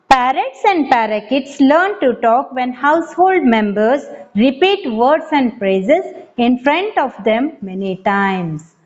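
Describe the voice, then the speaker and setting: Slow, sing-song woman teacher. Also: sits high. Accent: Indian English. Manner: spells words letter by letter, addresses children often. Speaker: primary school teacher. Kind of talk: classroom revision lesson. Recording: dull lo-fi recording.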